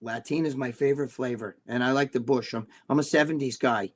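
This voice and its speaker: A man's voice: medium pitch, steady tone, fairly quick, a little hiss or hum. A man with a New Jersey accent, co-hosting a casual live chat in a blunt, rambling, profane way. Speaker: co-host.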